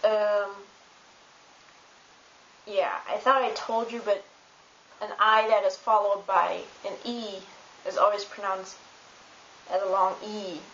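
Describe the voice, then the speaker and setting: German-native woman tutoring, slow and hesitant, lots of ums, echoey room, muffled hissy audio. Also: mid-range voice. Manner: relaxed, hesitant, many ums and uhs. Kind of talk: casual spoken lesson. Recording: roomy, dull home recording with hiss.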